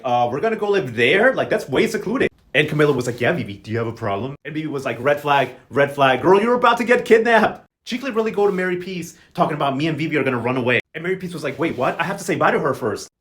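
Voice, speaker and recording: A young man with a slightly high voice rattles through a soap opera recap at a brisk clip. He is gossipy and sassy, and he drops into quick impressions of the characters as he goes. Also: a bit bright. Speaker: novela recap vlogger. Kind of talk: casual chatty recap.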